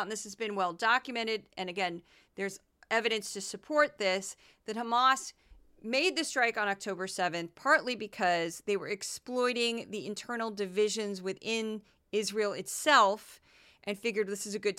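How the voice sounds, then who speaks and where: Bright, crisp-voiced woman podcast host. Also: mid-range voice. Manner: animated, sarcastic. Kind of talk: political commentary.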